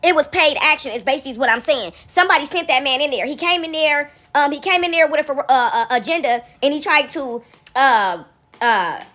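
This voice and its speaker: A woman vlogger telling a story in a casual monologue, emphatic and animated, often checking in with her listeners. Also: sits high, a little fast. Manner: animated, emphatic retelling with frequent "right?" asides.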